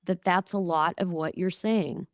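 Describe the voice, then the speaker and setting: A woman's voice: fairly low pitch, fairly even intonation, unhurried, no echo, clean studio sound. A middle-aged woman hosting a podcast interview, speaking in a reflective, affirming way. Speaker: podcast host. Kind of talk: casual interview chat.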